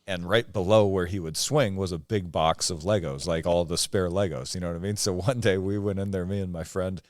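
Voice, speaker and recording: A man's voice: sits low, steady tone, a little fast, no echo, studio quality. A man co-hosting a podcast, telling a story in easygoing casual chat, full of fillers and laughter. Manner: easygoing, uses lots of fillers, laughs through stories. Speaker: podcast co-host.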